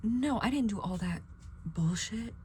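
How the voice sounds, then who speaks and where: A young woman vlogger chatting casually while getting ready, acting out quotes with sudden whispers and high bursts. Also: lively intonation, a little slow, darkish tone, slight background noise. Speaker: beauty vlogger.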